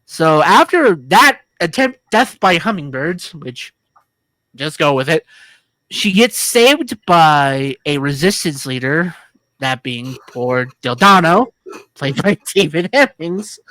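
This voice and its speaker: Rambling, joking woman with a low voice. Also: animated, takes it slowly, fairly bright tone, no echo. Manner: rambling, jokey and crude, with many restarts. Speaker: podcast co-host. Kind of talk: casual film review chat.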